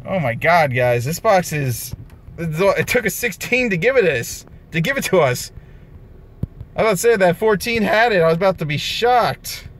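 A young man reacting to a mobile game unboxing in a high voice that leaps and dips as he groans and complains. He sounds exasperated throughout, with a faint hum of background noise under him. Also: very animated, moderate pace, a bit bright. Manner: exasperated, groaning and complaining, sudden jumps in pitch. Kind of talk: frustrated gameplay commentary.

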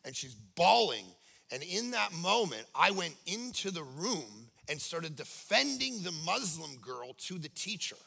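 A man's voice: a little high, normal speed, gravelly, breathy edge. A male pastor preaching a humorous sermon, telling stories with jokes and acting out the people he quotes. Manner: animated, jokey, acts out quoted voices.

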